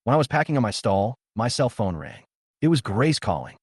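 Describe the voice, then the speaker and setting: A man narrating a story recap in a plain, even reading. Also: medium pitch, brisk, slightly rough, no room sound, clean studio sound.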